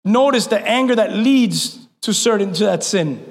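High-voiced pastor preaching in a hall. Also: male voice, moderate pace. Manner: animated preaching, swings from loud emphatic to hushed. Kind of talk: sermon.

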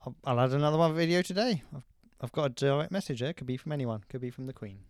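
A man co-hosting a podcast, chatting casually and teasing his co-host with deadpan asides. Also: medium pitch, fast talker, no echo. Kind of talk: casual banter.

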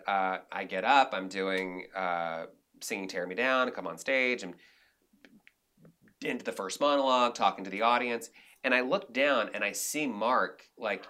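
A man, a director and actor, talking casually in an interview and telling animated stories from the theater with many restarts. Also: on the low side. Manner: animated, acts out quotes, frequent restarts.

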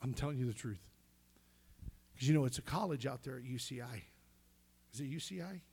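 Husky-voiced pastor telling a dramatic story. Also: male voice, mid-range voice, expressive, fairly quick. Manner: emotional, swings between hushed near-whispers and loud climaxes. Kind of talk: storytelling sermon.

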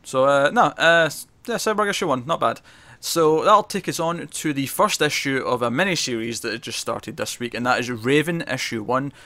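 A man hosting a casual comic book review chat, talking in an animated, chatty way and often restarting his sentences. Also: medium pitch. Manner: animated, quick, chatty, trails off mid-sentence. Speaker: podcast host.

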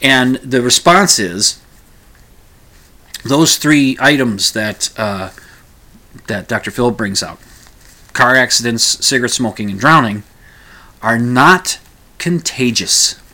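A man's voice: mid-range voice, expressive, slow, pauses often, sharp tone. A man hosting a casual commentary show, rambling through the news with frequent restarts and asides.

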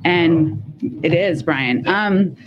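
A woman giving formal farewell remarks at a press briefing, halting and full of fillers as she holds back emotion. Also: lowish voice, lo-fi sound, slight background noise.

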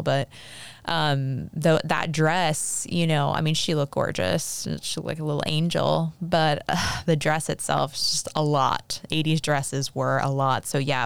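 A woman's voice: low-pitched, vocal fry, clear, resonant tone, dry recording. A young adult woman hosting a podcast, chatting casually and rambling with lots of fillers. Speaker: podcast host. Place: Fresno, California.

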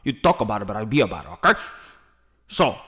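A man's voice: on the low side, very animated, quick pace, sharp tone, pitched below the performer's own voice. A man putting on a cocky boxer haggling over a fight deal, boastful and tacking "okay" onto nearly every line. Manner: boastful, repeats "okay" constantly.

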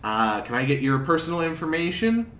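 A man's voice: on the high side, sing-song, a little fast, a bit bright, voice pushed up. Man voicing a fussy guild clerk. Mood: officious. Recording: roomy, distant mic with faint noise.

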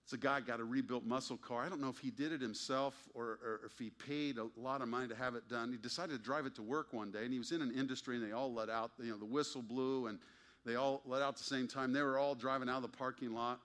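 Bright-voiced man preaching a sermon. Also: mid-range voice, fairly even intonation, fast. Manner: emphatic preaching with wry rhetorical questions. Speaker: pastor.

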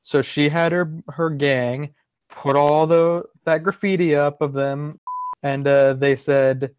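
A man chatting casually on a podcast in a wry way, quick to correct the others. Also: a little high, fairly even intonation, clean tone, no room sound, lo-fi sound. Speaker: podcast co-host. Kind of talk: casual chat.

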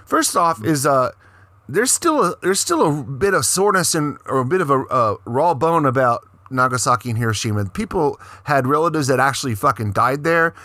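A man's voice: medium pitch, animated, normal speed, pushed and bright, no echo. A man co-hosting a casual news podcast, heatedly retelling a story with lots of swearing. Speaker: co-host.

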